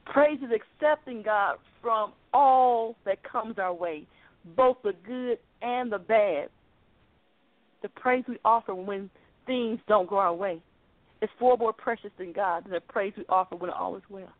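A woman's voice: medium pitch, unhurried, no echo. A woman preaching a sermon over a phone call, fervent and rhythmic, repeating her phrases. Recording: tinny phone line.

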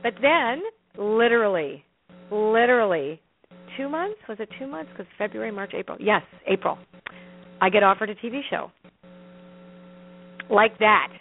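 A woman's voice: medium pitch, moderate pace, gravelly, pauses often, slightly rough. A woman with a Canadian accent, a guest in an interview, telling a story with lots of laughter and acting out her own quotes. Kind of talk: animated storytelling in conversation. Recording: phone-like lo-fi line.

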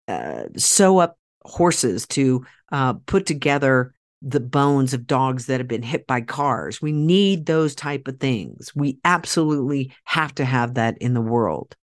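A female podcast host with a rumbling low, darkish voice rallies her listeners through direct, persuasive address, emphasizing her points by repeating key phrases.

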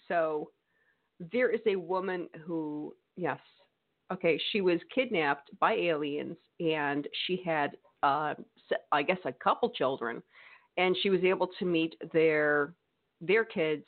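A woman co-hosting a podcast in casual chat, teasing and laughing often. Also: low-pitched. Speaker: podcast co-host. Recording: tinny phone-like audio.

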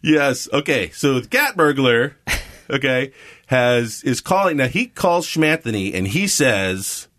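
A man's voice: mid-range voice, slow pace, no echo, studio quality. A man hosting a podcast, telling a story in casual chat with frequent laughs while acting out the people in it. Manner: animated, laughs often, acts out quoted voices. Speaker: podcast host.

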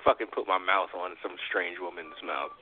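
A man's voice: low voice, moderate pace. A man co-hosting a wrestling talk show, blunt and profane in casual banter. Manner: blunt, profane, animated reactions. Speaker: podcast co-host. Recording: phone-line audio.

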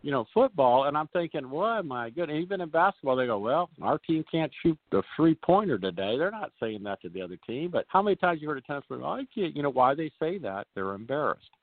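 A male tennis coach, a guest on a radio show, telling stories in a folksy, animated way and acting out the players he quotes. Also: fairly high pitch, quick pace, hardly any pauses, no echo. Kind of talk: radio interview storytelling. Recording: dry tinny phone line.

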